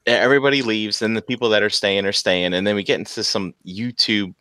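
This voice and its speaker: A man's voice: on the low side, fast, dry recording. A man hosting a podcast in casual chat, telling stories and acting out what people said. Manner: lively storyteller who acts out quotes. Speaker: podcast host.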